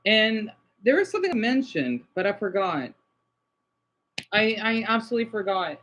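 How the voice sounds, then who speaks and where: A young male livestream host with a high, sing-song voice that sounds a bit bright, talking at a normal speed. He chats straight to his viewers in a casual, rambling, emotional way, reading chat names aloud.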